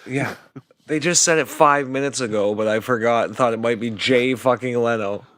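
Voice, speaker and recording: A man's voice: mid-range voice, moderate pace, a bit bright, no room sound. Laid-back man chatting, dry sound. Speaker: co-host reacting to a clip. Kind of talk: casual chat.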